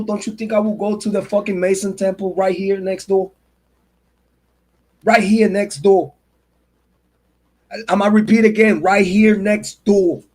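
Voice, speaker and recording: A man's voice: high voice, a little mellow. A man in his forties, a true crime channel host, giving an angry, profane, emotional livestream rant and repeating himself.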